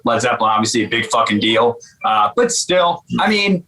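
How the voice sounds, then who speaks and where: Bright-voiced male interview host. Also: mid-range voice, sing-song, a little fast, rough recording. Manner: loose, swearing, filler-heavy questions. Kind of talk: casual interview chat.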